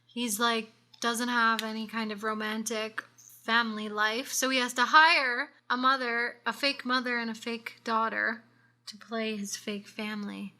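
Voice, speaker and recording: A young woman, co-hosting a casual makeup chat and telling stories in a chatty, animated way. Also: a little high, a little slow. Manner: chatty, animated storytelling with frequent "like". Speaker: co-host.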